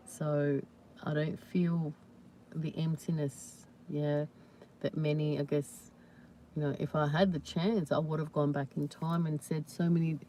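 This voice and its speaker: Chatty woman with a low voice. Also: little pitch movement, a little slow, dark tone, slight background noise. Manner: chatty and reassuring, many fillers like "you know" and "yeah". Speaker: livestream host. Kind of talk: casual live chat with viewers.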